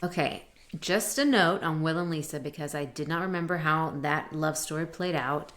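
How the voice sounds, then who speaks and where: A woman's voice: deep voice, moderate pace, a bit bright. A woman co-hosting a podcast in casual chat, making dry, wry asides. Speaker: podcast co-host.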